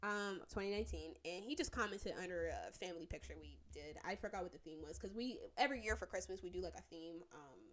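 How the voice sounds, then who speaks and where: A woman's voice: fairly low pitch, quick pace, hardly any pauses. A woman swearing her way through a casual storytime. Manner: animated, swears freely; mimics people in quoted dialogue, voice jumping up and down. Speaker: podcast host.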